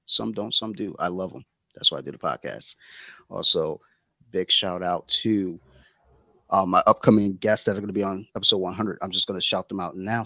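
A man's voice: deep voice, bright, forceful tone, no room sound, rough recording. A man hosting a casual podcast, talking loosely with many fillers and restarts. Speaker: podcast host.

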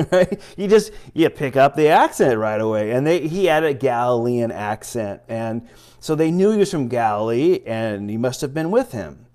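A man's voice: medium pitch, big pitch swings, moderate pace, a little mellow. A man giving an informal sermon in a church, conversational and rambling, with many fillers and restarts, reading and retelling scripture. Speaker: preacher.

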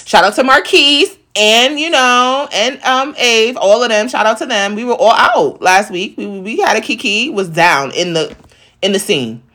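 A woman's voice: on the high side, expressive, moderate pace, pushed and bright. A thirty-year-old woman in casual chat, talking in a blunt, profane and emphatic way.

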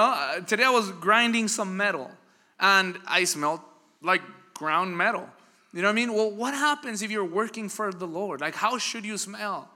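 A middle-aged man preaching a sermon, energetic and emphatic, acting out little quoted voices. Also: high-pitched, normal speed.

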